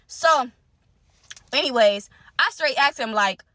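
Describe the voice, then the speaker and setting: A young woman telling a personal story to her viewers in casual, animated speech, repeating phrases for emphasis. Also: sits high, slow pace, no room sound. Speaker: storytime creator.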